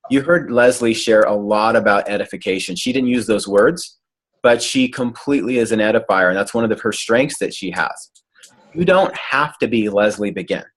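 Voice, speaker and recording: A man with a lowish voice leads a group coaching call over video, giving a motivational coaching talk at a moderate pace. He speaks in an earnest, encouraging way and gets animated when imitating excitement.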